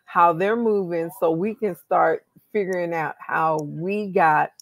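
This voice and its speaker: Woman with a southern accent, gravelly. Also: on the low side, measured pace, dry recording. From California. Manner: talks through research on screen, thinking aloud. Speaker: genealogy host. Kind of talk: casual genealogy chat.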